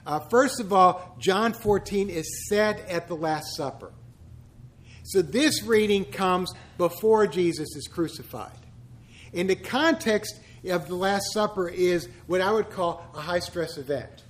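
This pastor's teaching is animated and measured in pace, delivered in a notably high voice over slight background noise. He keeps it chatty, tossing in jokes and rhetorical questions. His manner is that of talking with friends rather than preaching down to them.

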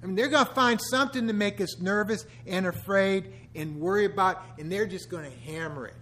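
A man's voice: high voice, brisk, fairly bright tone, slight background noise. A man in his sixties, a pastor giving a conversational sermon full of wry, joking asides.

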